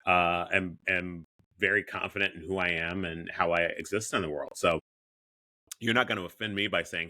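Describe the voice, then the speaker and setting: Candid man in his fifties, bright voice. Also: deep voice, steady tone, moderate pace. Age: 50s. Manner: candid, self-deprecating, with frequent restarts. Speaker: podcast co-host. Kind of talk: casual chat.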